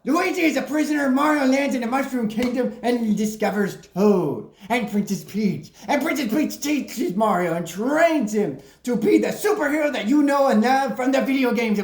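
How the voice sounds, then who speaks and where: A woman doing a comic hobo persona who excitedly and crudely recaps a movie plot, tacking "mama" onto her lines. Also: a little high. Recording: roomy echo.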